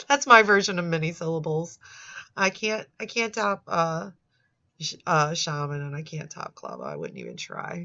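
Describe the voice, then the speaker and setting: Low, slow-talking sardonic woman. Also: sing-song, pushed and bright. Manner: sardonic, laughing asides. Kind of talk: comic commentary on a chat log. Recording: dull lo-fi recording.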